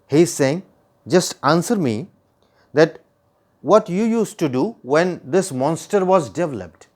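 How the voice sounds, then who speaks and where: Indian English male teacher, rather high, very animated pitch, explains a poem line by line and keeps repeating himself. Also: unhurried. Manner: repeats and rephrases points, asks the listener questions.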